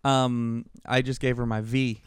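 Animated storyteller man, smooth dry voice. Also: mid-range voice, measured pace, no room sound. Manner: animated storyteller, acts out both sides of a phone call. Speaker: podcast co-host. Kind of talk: casual podcast chat.

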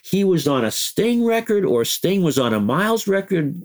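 An older man telling animated, chuckling stories as an interview guest, slipping into quoted voices. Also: sits high, moderate pace. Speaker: interview guest, former music news editor. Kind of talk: anecdotal interview storytelling.

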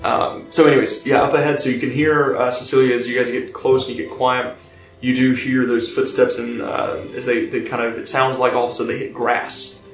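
Guy running a tabletop game, stops and restarts a lot, echoey room, soft music under it. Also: medium pitch, level tone. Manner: halting, many fillers and restarts while describing scenes. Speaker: game master. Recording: roomy, distant mic, faint music behind.

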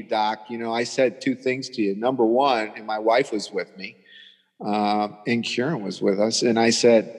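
A man in his sixties telling his story as a patient guest in a halting, rambling way, often restarting. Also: medium pitch, in a large hall. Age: 60s. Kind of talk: conversational storytelling.

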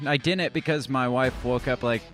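A man's voice: medium pitch, moderate pace, fairly bright tone, faint music behind. A man co-hosting a podcast in a basement studio, grumbling sarcastically about the cold and swearing freely in casual chat. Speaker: podcast co-host.

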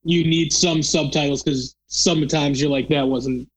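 A man's voice: fairly high pitch, steady tone, moderate pace, poor audio. A man hosting a casual podcast, chatting loosely with lots of fillers and restarts. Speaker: podcast host. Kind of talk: casual chat.

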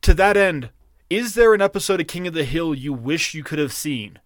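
A man co-hosting a podcast in casual chat, rambling, profane and excitable. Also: a little high, moderate pace, no room sound, studio quality. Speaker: podcast co-host.

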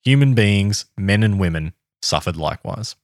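Guy reading a history story on a podcast, lowish voice, lots of ups and downs, dry sound. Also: lively intonation, moderate pace, no echo. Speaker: podcast host.

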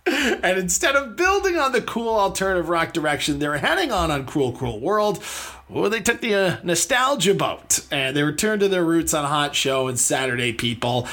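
A man hosting a loose, chatty podcast with a husky, breathy edge to his voice. His pitch swings widely as he talks, and he laughs easily while he drifts from one tangent to the next. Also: big pitch swings, normal speed, few pauses, pushed and bright. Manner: chatty, laughs often, digressive. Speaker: podcast host. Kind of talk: casual podcast chat.

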